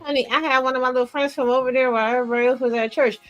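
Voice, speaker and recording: A woman's voice: high voice, steady tone, rapid-fire, muffled recording, faint music behind. A woman telling a sassy, emphatic story in a casual podcast chat, often stressing points with "okay.".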